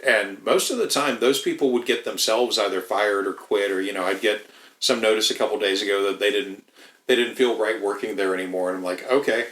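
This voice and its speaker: A man's voice: fairly low pitch, brisk, a bit bright, reverberant, rough recording. A man in casual podcast chat, rambling with lots of swearing and restarts. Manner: rambling, profane, many restarts.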